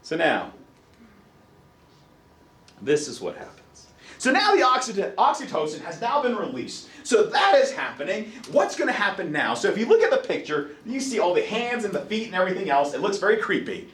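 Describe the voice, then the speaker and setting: Animated male lecturer in a roomy classroom. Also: high voice, brisk. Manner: animated, jokey, asks the class questions. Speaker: college lecturer.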